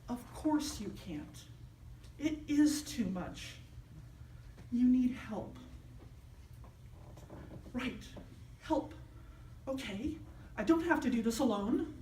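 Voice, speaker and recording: A woman minister with a fairly high voice preaches a sermon to her congregation. She tells a personal story and drops into the voices of the people in it. The sound comes from a distance in a roomy, echoing sanctuary with a faint hum behind her. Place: church sanctuary. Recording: echoey hall, mic at a distance.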